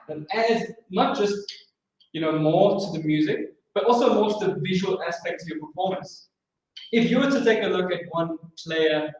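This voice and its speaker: A man with a high voice leads a live drumming class, encouraging the players and chanting rhythms aloud. He is picked up from a distance in a very echoey room. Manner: encouraging, sings out rhythms with vocables. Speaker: drumming instructor. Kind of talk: live masterclass teaching. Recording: far-off mic, very echoey room, faint noise.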